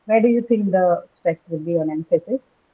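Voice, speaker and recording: A woman's voice: fairly low pitch, moderate pace, dark tone, breathy edge. A woman teaching an English pronunciation class, often checking with "right?" and quizzing her students. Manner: tags statements with "right?", questions students. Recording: dull lo-fi recording.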